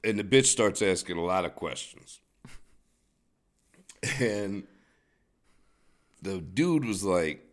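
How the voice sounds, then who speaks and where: A man's voice: low-pitched, expressive, slow, pauses often. A man co-hosting a podcast, telling a crude, profanity-laden story in casual chat. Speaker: podcast co-host.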